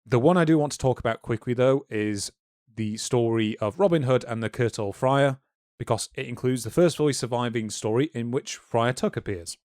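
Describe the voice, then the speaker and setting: Male podcast co-host, mid-pitched, informal history explainer, dry studio sound. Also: moderate pace, darkish tone, no room sound. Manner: informal, lecturing with fillers and asides.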